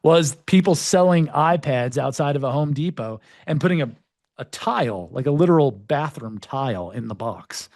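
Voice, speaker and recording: A man hosting a podcast and presenting with an energetic, joking delivery, full of playful, self-mocking asides. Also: medium pitch, normal speed, dry recording, clean studio sound. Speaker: podcast host.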